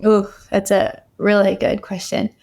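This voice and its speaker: A woman's voice: mid-range voice, monotone, a little slow, a little mellow. Earnest rambling woman, podcast guest. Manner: earnest, rambling with many fillers. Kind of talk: casual interview talk.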